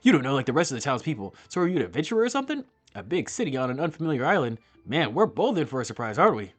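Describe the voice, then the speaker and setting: A man voicing a burly shipwrecked sailor in a game, reading his lines in a loud, pushy buff voice. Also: mid-range voice, big pitch swings, rapid-fire, voice pushed up. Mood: eager. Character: burly shipwrecked male sailor, stranded and eager.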